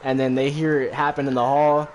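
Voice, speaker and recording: Brief: laid-back male streamer, mid pitch, rambling slangy recap, faint hiss behind. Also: flat delivery, fairly quick. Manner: rambling, heavy fillers, profane. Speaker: streamer recapping a movie while gaming. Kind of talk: casual slangy retelling with acted quotes.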